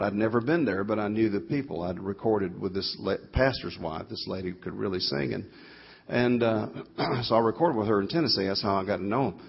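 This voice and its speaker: A man's voice: fairly low pitch, creaky, slightly rough, dull audio. A middle-aged man, telling a folksy, meandering story as a guest guitarist at a church concert, recorded live. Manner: folksy, meandering, self-correcting. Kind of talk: rambling storytelling testimony.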